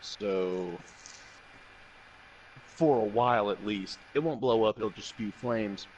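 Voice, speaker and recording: A man's voice: on the low side, slow, a little mellow, highs cut off, slight background noise. A man in casual chat, rambling and crude, tossing in trivia.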